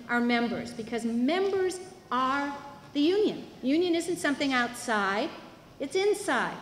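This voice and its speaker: A woman giving a teach-in lecture at a university, explaining her points emphatically and posing rhetorical questions to the audience. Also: high voice. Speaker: university labor educator. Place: large hall at a university student union. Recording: echoey hall, faint room noise.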